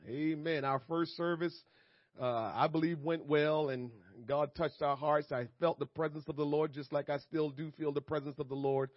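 Male pastor, higher-pitched voice, emphatic sermon delivery, dry and slightly dull sound. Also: no room sound. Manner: emphatic preaching with chuckles and repetition. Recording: dry, slightly muffled recording.

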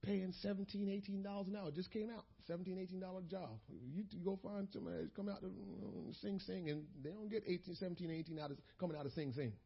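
A male pastor preaching a sermon, moving between loud exhortation and quiet storytelling. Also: high voice, fast talker, vocal fry, hardly any pauses, husky, dull audio.

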